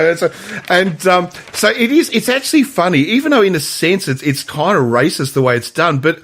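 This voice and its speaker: A man's voice: sits high, expressive, fairly quick, a bit bright. Rambling, stammering male podcast co-host. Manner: rambling, many restarts and stammered repeats; laughs often, mimics film lines in a raised voice. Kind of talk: casual film chat.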